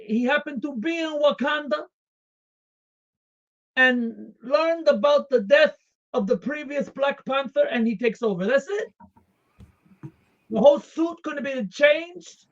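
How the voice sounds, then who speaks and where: A streamer playing a devoted Russian communist comrade with a put-on Russian accent, speaking in deadpan, formal broken English on a comedic live stream. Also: sits high, a little slow, long pauses, lo-fi sound.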